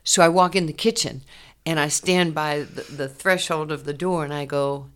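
A woman, a former athlete telling her life story in an interview, animated and laughing often. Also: low voice, moderate pace. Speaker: interview guest, former basketball player. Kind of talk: candid personal storytelling.

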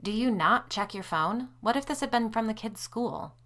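A woman voicing a brash, excitable female friend speaking loudly and impatiently on the phone, in an audiobook. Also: fairly high pitch, moderate pace, voice pushed up. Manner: loud, blunt and impatient.

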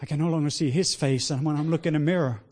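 A man preaching a sermon with passion, moving between hushed words and loud exclamations. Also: fairly high pitch, fairly even intonation, very fast. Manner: sprinkles in laughter and cries of "whoa".

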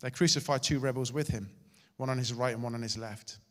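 Male pastor, sermon, dramatic swings from forceful to hushed, long hall reverb. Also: medium pitch, fairly even intonation, fairly quick. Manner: dramatic, shifting loud and soft.

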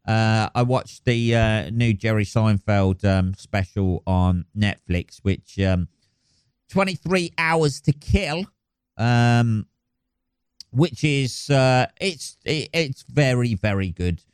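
A man's voice: medium pitch, animated, takes it slowly, smooth, dry recording, studio quality. A man hosting a solo podcast, rambling and swearing with lots of ums and restarts. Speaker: podcast host.

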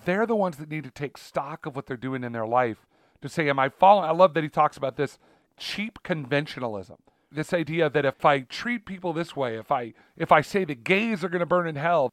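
A man co-hosts a casual conversation about faith, talking in loose, rambling runs full of fillers and restarts. His voice sits a bit high, and the close mic sounds dry with no room around it. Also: animated, brisk, a bit bright, no echo. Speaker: podcast co-host.

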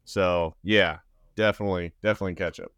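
Man, podcast co-host, low voice, dry close sound, swears while ranting. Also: fairly even intonation, fast, fairly bright tone, no echo, highs cut off. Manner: profane, ranting. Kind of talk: casual chat.

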